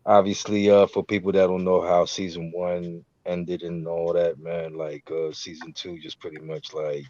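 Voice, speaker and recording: A man's voice: low-pitched, little pitch movement, normal speed, mellow, no echo, dull audio. A man co-hosting a review show, talking laid-back in casual chat with drawling fillers. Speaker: co-host reviewer.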